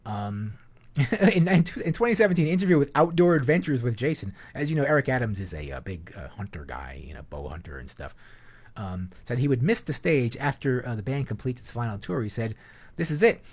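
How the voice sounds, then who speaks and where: A man's voice: mid-range voice, sing-song, a little fast. A man hosting a podcast in a casual, rambling way, full of fillers and swearing. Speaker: podcast host. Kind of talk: casual chat.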